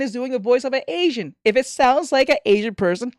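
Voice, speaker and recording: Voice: medium pitch, fairly quick, dry recording. Ranting live streamer, dry close sound. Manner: animated ranting with profanity, reads chat aloud. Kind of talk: casual live-stream chat.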